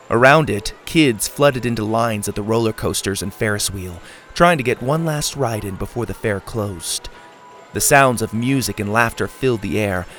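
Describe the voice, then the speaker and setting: A man narrating a children's story in a lively, expressive way. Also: lowish voice. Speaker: audiobook narrator.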